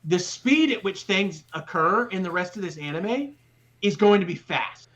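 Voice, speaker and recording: A man's voice: high-pitched, animated, normal speed, fairly bright tone, dull audio. A young man co-hosting a casual podcast chat, enthusiastic and rambling, calling people "bro" a lot. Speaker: podcast co-host.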